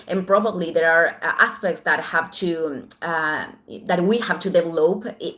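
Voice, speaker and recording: A woman with a fairly low voice, speaking English as a second language, delivers a weekly astrology forecast to her viewers. She talks haltingly, searching for words and restarting phrases often. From Southern Hemisphere. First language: not English. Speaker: astrology channel host.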